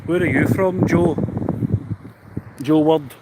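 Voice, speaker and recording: A man's voice: a little high, takes it slowly. A Scottish man chatting casually as a vlogger at a windy harbour, rambling and reading out viewer comments. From Scotland. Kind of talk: casual live-stream chat outdoors. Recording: loud wind noise on the mic.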